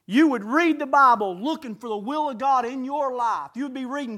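A man preaching in a church, his voice sitting unusually high for a man. He drops to hushed warnings and then climbs into shouted, rapid-fire questions to the congregation. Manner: fiery, swings from hushed to shouting. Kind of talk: sermon. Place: church sanctuary.

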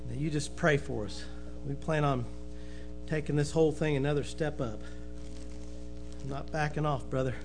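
A man's voice: on the high side, steady tone, normal speed, pauses often, over music. A man preaching, telling folksy jokes and calling out amen and brother. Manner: folksy, says "amen" and "brother" often, laughs at own jokes. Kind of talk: joking sermon opening.

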